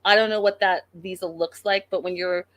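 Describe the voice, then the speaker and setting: A woman's voice: fairly low pitch, steady tone, fairly quick, fairly bright tone, no echo. A woman hosting a casual live recap show, chatting and reading viewer comments with exasperation. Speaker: podcast host recapping a reality show.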